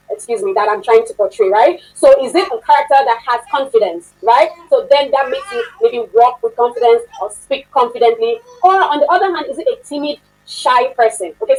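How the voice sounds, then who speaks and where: A woman's voice: on the high side, a little mellow, low-quality recording. A woman instructor giving a chatty online workshop lecture, often laughing and asking the class questions.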